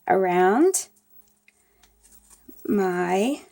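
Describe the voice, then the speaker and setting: A woman's voice: mid-range voice, lively intonation, normal speed, mellow. A middle-aged woman, chatting folksily to viewers while she demonstrates a paper craft at her table. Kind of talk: casual crafting tutorial.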